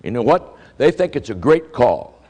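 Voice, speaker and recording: An older male keynote speaker tells a story with lively, acted-out dialogue. His voice sits at a middle pitch, and a long reverb trails behind it in a large hall. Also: moderate pace, background noise. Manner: animated storyteller acting out quoted exchanges. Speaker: motivational speaker. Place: large hall before a live audience.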